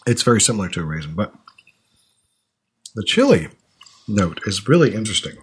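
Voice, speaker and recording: A man's voice: fairly low pitch, big pitch swings, brisk, slightly rough. A man hosting a casual chat, thinking aloud and musing with fillers as he tastes snacks. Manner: chatty, thinks aloud with fillers while eating. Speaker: podcast host tasting snacks.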